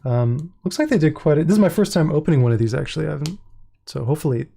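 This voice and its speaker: A man's voice: fairly high pitch, rapid-fire, gravelly, mellow, slightly rough. A man who runs his own publishing company, chatting casually and with amusement as he hosts a livestream. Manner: chatty, self-amused, thinks aloud. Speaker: independent publisher and host. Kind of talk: casual livestream product launch.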